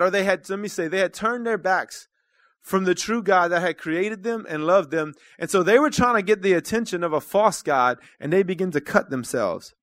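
A man preaching a sermon to his congregation. His delivery is earnest and conversational, and it swells into loud calls to the room. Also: sits high, dry recording. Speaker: church minister.

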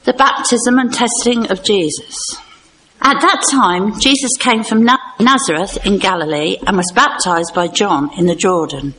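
A woman reading a Bible passage aloud in a church service, slowing down for the spoken quotes. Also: mid-range voice, sharp tone, slight background noise, rough recording. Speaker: scripture reader.

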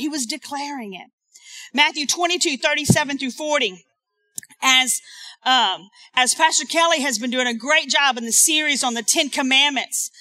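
A woman's voice: sits high, animated, normal speed, sharp tone. A woman preaching a sermon in church, talking with the congregation and asking them to repeat lines after her. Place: church sanctuary.

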